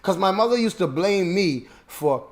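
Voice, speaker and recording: A man hosting a podcast, telling family stories in an animated way and acting out relatives in quotes. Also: high voice, moderate pace, very noisy. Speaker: podcast host. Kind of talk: casual storytelling chat.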